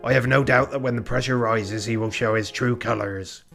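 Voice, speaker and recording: Man putting on a gruff rooster inspector, pirate voice, slow and grave, soft music behind. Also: mid-range voice, fairly even intonation. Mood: stern. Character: gruff male rooster police inspector, stern.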